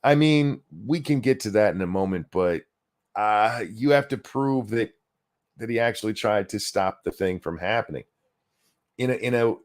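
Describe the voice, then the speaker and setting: Sarcastic guy hosting a live political stream, lowish voice that swings all over. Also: moderate pace. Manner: sarcastic, animated, thanks donors. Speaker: host of a political commentary stream.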